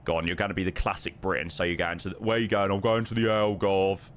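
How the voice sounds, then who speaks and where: Streaming a flight simulator, a chatty British man reads viewers' messages aloud and calls out aviation numbers like runway and altimeter readings. He speaks quickly in a deep voice with little pitch movement, and there's slight background noise.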